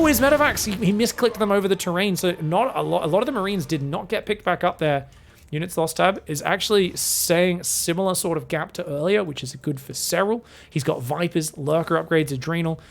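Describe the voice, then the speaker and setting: A man casting a live strategy game match, analytical and quick to yelp with excitement at big plays. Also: gravelly. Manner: excitable, breaks into high yelps at big plays. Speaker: esports caster.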